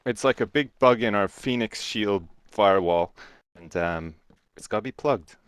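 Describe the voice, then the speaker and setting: A man's voice: on the low side, normal speed, clean tone, dry recording, studio quality. A man co-hosting a casual gameplay chat, self-deprecating and mumbling his asides. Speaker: co-host.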